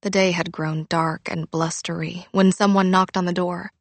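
A woman reading a novel aloud as narrator, in a quiet, measured way. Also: fairly low pitch, level tone, no echo. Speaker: audiobook narrator. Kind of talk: scripted narration.

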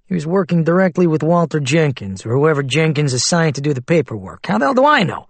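A man reading an audiobook, voicing a blustering middle-aged businessman who talks in loud, indignant outbursts. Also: fairly high pitch, sing-song, quick pace, vocal fry, dry recording, heavily acted. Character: blustering angry middle-aged male company president.

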